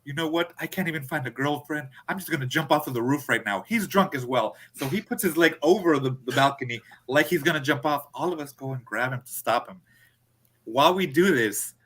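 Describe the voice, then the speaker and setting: A man telling a story in a casual chat, animated, acting out his friends' lines. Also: fairly high pitch, fairly quick. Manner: animated, acts out friends' quotes. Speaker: podcast co-host.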